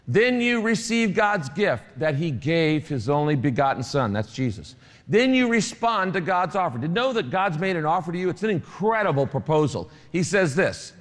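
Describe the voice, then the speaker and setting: A man preaching a sermon, emphatic, with dramatic pauses. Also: fairly high pitch, animated, long reverb tail. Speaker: pastor.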